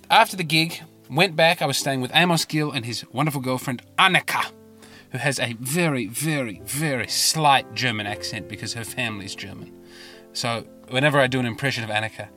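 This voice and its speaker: A man with an Australian accent, a comedian hosting his podcast, telling rambling stories with wry, animated asides from inside a parked car. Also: on the high side. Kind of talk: casual comic storytelling. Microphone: podcast mic in a car.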